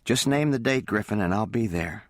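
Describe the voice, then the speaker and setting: A man voicing a tender, emotional young woman in a soft, raised voice for an audiobook. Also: fairly low pitch, animated, moderate pace, no room sound, studio quality, close to an everyday voice. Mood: happy.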